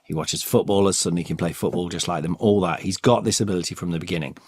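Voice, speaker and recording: A man co-hosts a casual podcast, retelling comic plots with relish and slipping into the characters' lines. His voice sits on the low side. The sound is dry and close. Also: very fast, no echo. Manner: enthusiastic, storytelling, acts out quotes. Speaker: podcast co-host. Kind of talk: casual comic-book chat.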